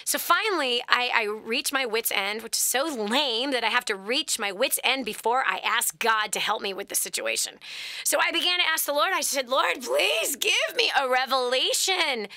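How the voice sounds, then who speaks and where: A woman hosting a radio call-in advice show, telling stories in an animated way and sometimes dropping to a whisper. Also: on the high side, moderate pace, dry recording, studio quality. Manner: animated, laughing, drops to a whisper at times. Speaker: host.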